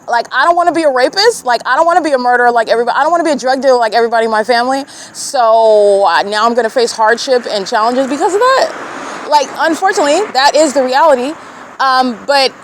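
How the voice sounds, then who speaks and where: Emphatic, preachy woman with a higher voice. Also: slight background noise. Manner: emphatic, preachy, repeats phrases and fires rhetorical questions. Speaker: self-documenting vlogger. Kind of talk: impassioned religious monologue to camera.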